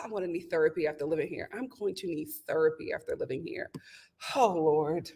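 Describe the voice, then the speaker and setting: A woman's voice: on the low side, big pitch swings, moderate pace, fairly bright tone, slightly rough. A woman hosting a casual live stream, reading out viewer comments and making dramatic, laughing outbursts. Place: home.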